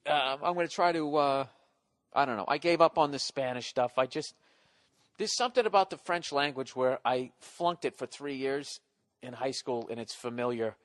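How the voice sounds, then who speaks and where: A man's voice: medium pitch, normal speed, no room sound. A man with a Boston accent tells a story on his own podcast. He rambles, mocks himself and swears freely. His mid-range voice is close and dry, with no room sound around it. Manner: profane, rambling, self-mocking. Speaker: podcast host. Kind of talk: casual storytelling monologue.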